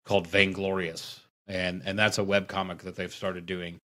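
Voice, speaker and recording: Chatty man with a low voice. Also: moderate pace. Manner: rambling, animated, mocking impressions. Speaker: podcast guest; tattoo artist. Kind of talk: casual podcast chat.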